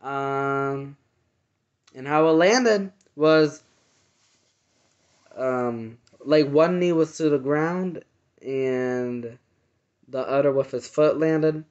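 A man earnestly recounting a dream in casual, halting speech full of fillers and restarts. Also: mid-range voice. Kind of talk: casual personal storytelling. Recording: dull lo-fi sound.

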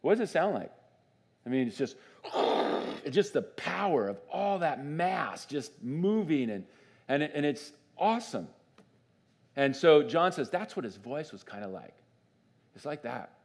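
A man preaching a sermon as pastor in a church, conversational and animated, often asking the congregation questions. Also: a little high, unhurried, creaky. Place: church sanctuary.

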